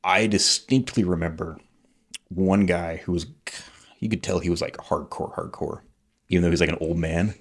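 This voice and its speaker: Man in his 40s, very low voice, loose rambling storyteller who swears a lot. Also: fairly even intonation, moderate pace, slightly rough. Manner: rambling, leans on "like" fillers, swears freely. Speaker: podcast guest, military veteran. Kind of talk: casual conversational storytelling.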